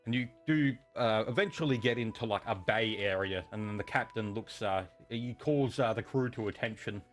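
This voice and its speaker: A man's voice: on the low side, moderate pace, faint music behind. A man narrating as game master of a tabletop game, rambling with many fillers and restarts.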